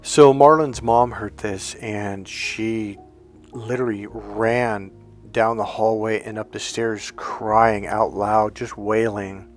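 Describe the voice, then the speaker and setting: A middle-aged man, a life coach, telling a painful personal story in a halting, emotional way, often restarting his words. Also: fairly low pitch, steady tone, soft background music.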